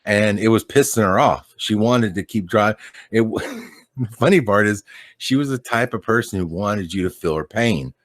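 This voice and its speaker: A man with a lowish voice, speaking at a moderate pace in a clean studio recording with no room sound, is a podcast guest in casual chat. He tells a story in a laid-back, rambling way, swearing and laughing often.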